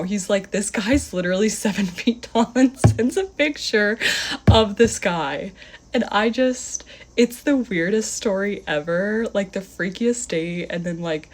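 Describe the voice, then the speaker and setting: A young woman telling a story in a casual phone-video style, animated, with lots of filler "like" and a voice that jumps high whenever she quotes someone. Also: a little slow.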